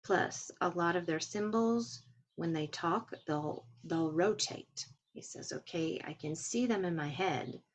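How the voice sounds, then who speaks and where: A woman's voice: fairly low pitch, measured pace, a little hiss or hum. A woman casually retelling a recorded talk, quoting the speaker and adding her own asides. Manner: paraphrases and quotes another speaker, with asides. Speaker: transcriber retelling a webinar.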